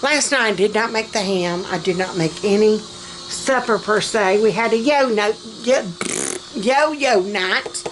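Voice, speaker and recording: A woman's voice: mid-range voice, moderate pace. A middle-aged Southern American woman talks her way through supper plans in her home kitchen, folksy and chatty, with a medium voice. She laughs easily. Faint background noise hums under the recording. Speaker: vlogger. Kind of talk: casual cooking vlog chat.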